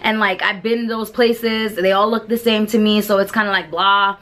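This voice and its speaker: A chatty woman talks through her favorite shows in a loose, rambling way. She restarts sentences and leans on fillers as she goes. Her voice sits at an ordinary middle pitch for a woman. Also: level tone, moderate pace, a bit bright. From New York. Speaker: beauty vlogger. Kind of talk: casual chat reviewing shows.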